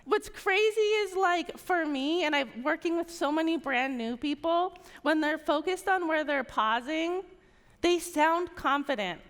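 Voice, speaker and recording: High-voiced woman coaching a big conference crowd. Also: measured pace, a bit bright. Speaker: sales trainer. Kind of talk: conference stage talk. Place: large conference hall. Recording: long hall reverb.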